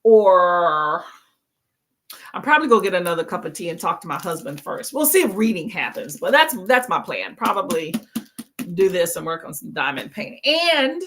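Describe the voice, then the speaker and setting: Lively, bright-voiced woman chatting on a stream. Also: fairly low pitch, a little hiss or hum. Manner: chatty, laughs often, greets chat warmly. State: tired from no sleep. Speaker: livestream book club host. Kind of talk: casual livestream chat.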